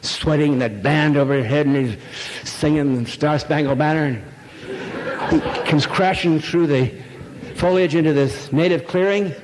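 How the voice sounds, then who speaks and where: A man's voice: a little high, moderate pace. An older man giving an irreverent, rambling public lecture, full of jokes and fillers, to a live audience. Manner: irreverent, rambling, jokey storytelling with many fillers. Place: large lecture hall. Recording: echoey hall, faint noise.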